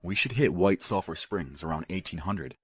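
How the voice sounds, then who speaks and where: A man voicing a gruff, practical biker in an audiobook, matter-of-fact in delivery. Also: deep voice, moderate pace, no echo, studio quality.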